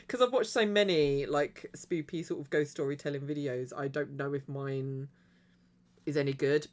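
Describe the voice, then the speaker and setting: A woman livestreaming a video game, chatting casually to her viewers in a rambling way and giggling often. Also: low voice. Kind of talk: casual chat while streaming a game.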